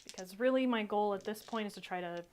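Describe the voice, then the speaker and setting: A woman's voice: medium pitch, fast, darkish tone, smooth. A woman playing a tabletop wargame on a live stream, chatting casually, laughing often and talking through her moves. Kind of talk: casual live battle report chat.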